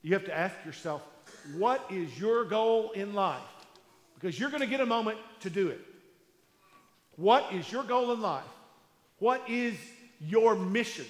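A man preaching a sermon in a conversational storytelling way, with emphatic pauses, in a large hall. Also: high-pitched, a bit bright. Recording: echoey hall with long reverb.

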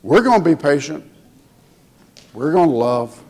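A man preaching a sermon in a church, speaking slowly and getting emotional as he tells the congregation he loves them. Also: fairly high pitch, big pitch swings, darkish tone. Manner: slow, emotional, tender preaching. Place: church sanctuary. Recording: long hall reverb.

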